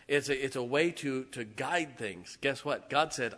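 A man's voice: medium pitch, measured pace, a bit bright, long reverb tail. A man preaching a conversational sermon as pastor, folksy and joking with his congregation. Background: congregation responding.

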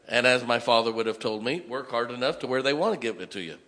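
A man's voice: medium pitch, fast, hardly any pauses, pushed and bright. A middle-aged man preaching a sermon as pastor, folksy and joking, sometimes mocking whiny voices.

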